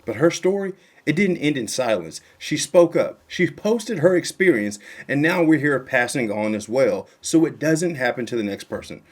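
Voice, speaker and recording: A man's voice: medium pitch, expressive, normal speed, few pauses. A man hosting his channel, narrating a scripted explainer in an earnest, urgent warning tone, delivering his points in short punchy phrases. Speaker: channel host.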